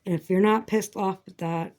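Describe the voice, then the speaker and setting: A woman's voice: mid-range voice, steady tone, moderate pace, darkish tone. A woman rambling through a casual vlog monologue, swearing and breaking into indignant outbursts. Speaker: vlogger.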